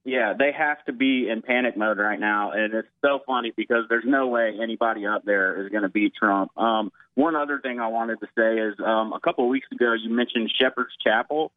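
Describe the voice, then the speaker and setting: A man's voice: lowish voice, fairly even intonation, a little fast, hardly any pauses, no room sound. A man from Georgia calling into a radio show, eager and hesitant, full of ums and uhs, over a phone line. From Georgia, USA. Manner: hesitant, filler-heavy, eager. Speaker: caller. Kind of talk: call-in radio chat.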